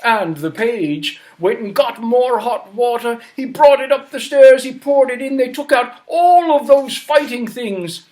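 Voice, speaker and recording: A male storyteller telling children's stories, animated and inviting listeners to repeat lines. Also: very high voice, a little slow, hardly any pauses.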